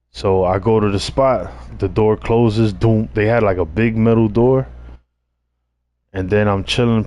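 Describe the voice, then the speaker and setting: Young New guy, slightly low voice, casual slang-heavy storyteller. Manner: laid-back street slang, swearing, animated when quoting others. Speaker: streamer.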